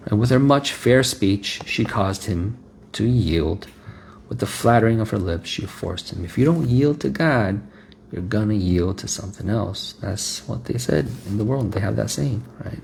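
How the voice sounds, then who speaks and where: A man's voice: on the low side, animated, moderate pace, vocal fry, a little mellow, a little hiss or hum. A man preaching a sermon in a rhetorical, repetitive way, often checking in with "right?".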